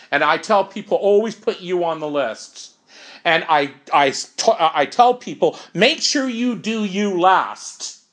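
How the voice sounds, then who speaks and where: Woman sharing recovery steps, lively pitch. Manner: conversational, explains through first-person examples. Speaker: recovery program speaker. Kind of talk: informal talk on recovery steps.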